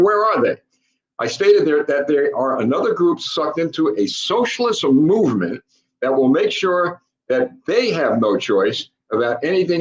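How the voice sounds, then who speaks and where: Older man, political monologue, swooping animated pitch, emphatic. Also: echoey room, low-quality recording. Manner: emphatic, repeatedly addresses listeners as folks. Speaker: political commentator.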